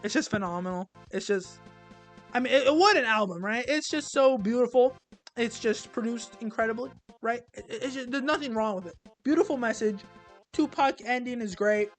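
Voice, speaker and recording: A young man talking casually as he ranks albums, rambling and self-deprecating, with many halting restarts. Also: extremely high pitch, soft background music. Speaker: music reviewer. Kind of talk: casual album ranking monologue.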